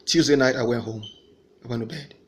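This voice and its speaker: A man's voice: mid-range voice, fairly quick. A man giving an earnest personal faith testimony, telling his story and voicing remembered dialogue.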